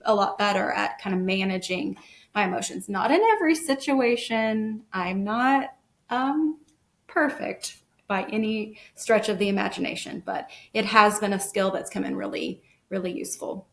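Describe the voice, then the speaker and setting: A middle-aged woman sharing her story as a guest parent, earnest and animated. Her voice sits at a middle pitch and rings with room echo. The talk is relaxed and conversational. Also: moderate pace, vocal fry. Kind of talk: casual podcast conversation. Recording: echoey room.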